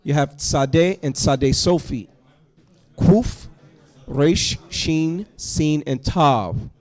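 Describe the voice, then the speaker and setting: In a classroom, a man teaches Hebrew to his students, working through the alphabet one letter at a time with slow patience. His voice sits on the high side and has a darkish tone.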